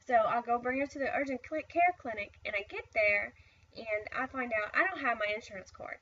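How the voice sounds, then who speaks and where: A woman's voice: fairly high pitch, quick pace, a bit bright, slightly rough, far from the mic, lo-fi sound. A tired middle-aged woman telling a personal story in a casual, rambling way, full of "I was like" asides. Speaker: vlogger.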